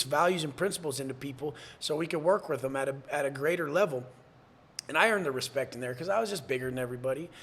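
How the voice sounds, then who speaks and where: A man from San Diego speaks as a podcast guest in a blunt, profane and intense way. His voice is husky, with a slightly raised pitch. He often acts out the back-and-forth he is describing. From San Diego, USA. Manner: profane, blunt and intense, acting out quoted exchanges. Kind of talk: podcast interview.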